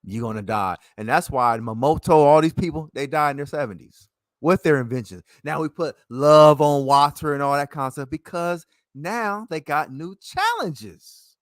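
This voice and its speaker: A man in a rambling casual monologue, swinging between loud and soft. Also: fairly high pitch, animated, moderate pace, no room sound, clean studio sound.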